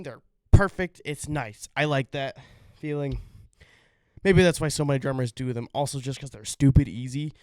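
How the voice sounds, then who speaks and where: A man's voice: mid-range voice, a little mellow, no echo. A man vlogging his drum practice in a casual, rambling way, thinking aloud with self-deprecating asides. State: out of breath between playing. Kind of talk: casual practice vlog chat.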